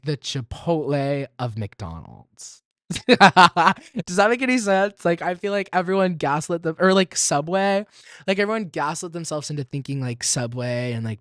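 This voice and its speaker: A man's voice: a little high, a bit bright, no room sound, clean studio sound. A young man from Texas in his twenties hosting a solo podcast, chatty and self-deprecating, breaking into sudden squeals and laughs. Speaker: podcast host.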